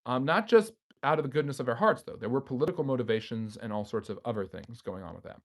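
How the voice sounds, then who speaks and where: A man's voice: mid-range voice, expressive, quick pace. A man hosting a history channel's live stream, reading viewer comments aloud and answering them off the cuff.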